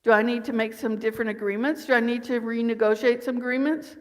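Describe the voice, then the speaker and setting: A woman's voice: fairly high pitch, fairly even intonation, quick pace. Woman minister preaching in a reverberant hall. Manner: warm conversational preaching with rhetorical questions. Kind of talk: sermon. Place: church sanctuary.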